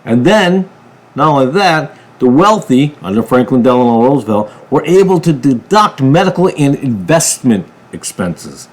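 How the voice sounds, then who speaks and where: A man from a ministry channel giving a political commentary monologue, emphatic, jumping from loud bursts to low mutters. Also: big pitch swings, normal speed. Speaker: ministry preacher.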